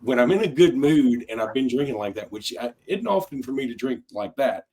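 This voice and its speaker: A man hosting a casual sports podcast. His voice is husky and a little breathy, at a middle pitch. He tells stories with animated energy. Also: a little fast. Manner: animated storyteller, voices in quotes. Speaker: podcast host.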